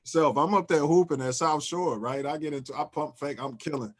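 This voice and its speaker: A man, hosting and telling a story in casual chat, animated and repeating and restarting his phrases. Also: on the high side, fairly quick. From Chicago. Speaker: host.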